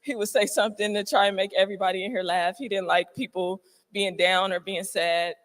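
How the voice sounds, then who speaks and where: A woman's voice: medium pitch, fairly even intonation, brisk. Tearful woman giving a eulogy. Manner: emotional, holding back tears, with fillers. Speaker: family member giving a eulogy. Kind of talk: heartfelt memorial speech. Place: memorial gathering before a crowded room. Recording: long reverb in a large room.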